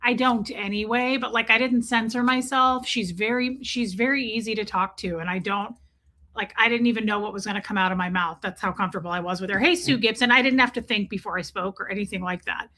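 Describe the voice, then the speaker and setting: A woman's voice: medium pitch, a little fast, bright, forceful tone. A woman hosting a casual livestream, chatting and rambling while greeting viewers by name. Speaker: livestream host.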